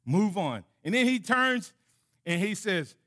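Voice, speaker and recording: A man preaching a sermon in a high, bright voice. He acts out conversations between God and his listeners with lively emphasis. His delivery is animated and direct. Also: measured pace. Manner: animated preaching that drops to a soft closing prayer. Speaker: pastor.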